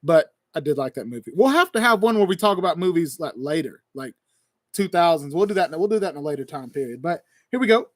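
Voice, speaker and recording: Excitable high-voiced man host. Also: fast talker, no room sound, clean studio sound. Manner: excitable, laughs often, stammers. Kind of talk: casual call-in chat.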